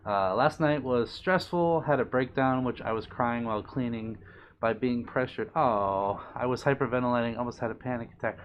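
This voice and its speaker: A young man on a live stream, reading viewer comments aloud and answering them in a gentle, apologetic way. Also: mid-range voice, moderate pace, dull audio, a little hiss or hum. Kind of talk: casual live-stream chat.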